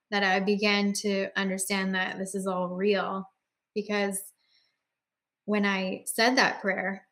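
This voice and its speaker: A woman's voice: mid-range voice, a bit bright. A woman giving her personal faith testimony in a casual storytelling way, earnest and emotional, with many fillers and restarts.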